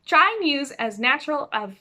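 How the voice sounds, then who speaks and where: A bright, lively woman with a fairly high voice teaches a class over a video call. She speaks clearly and expressively, sliding her pitch up and down as she explains things. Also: normal speed. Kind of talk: instructional talk to students.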